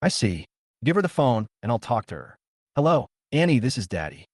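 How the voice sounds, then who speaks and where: A man's voice: medium pitch, very animated, fairly quick, darkish tone, no echo, studio quality. A man voicing a bitter, resentful young street vendor. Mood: gentle.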